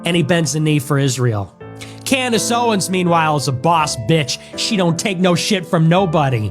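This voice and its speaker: A man's voice: high-pitched, big pitch swings, normal speed, over music. A man hosting a political commentary video, ranting in a crude, mocking way.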